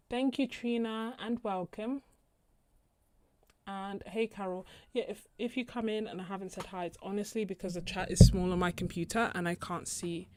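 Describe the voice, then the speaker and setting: A woman's voice: mid-range voice, steady tone, normal speed, darkish tone. A young British woman chatting casually on a live stream while she swatches paints, laughing often and thinking aloud. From Britain. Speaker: art channel host.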